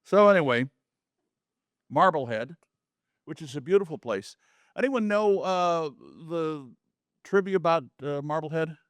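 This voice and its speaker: A man's voice: a little high, measured pace, long pauses, smooth, no room sound. A man chats his way through a slide talk about his photos in a folksy, joking way. His voice is close and dry, with no room sound around it. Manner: chatty, folksy asides and jokes. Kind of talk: casual presentation to a small audience. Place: community meeting room.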